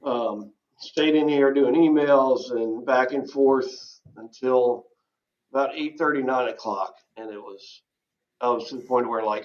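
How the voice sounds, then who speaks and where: A man being interviewed, telling a personal recovery story in a halting, earnest way with frequent throat clearing. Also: mid-range voice, darkish tone, highs cut off. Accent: Southern American. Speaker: interview guest. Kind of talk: candid personal testimony.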